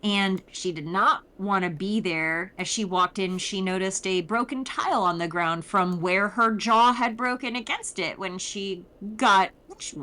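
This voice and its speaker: A woman's voice: medium pitch, sharp tone. A woman casually recapping a tabletop campaign in a rambling, informal way.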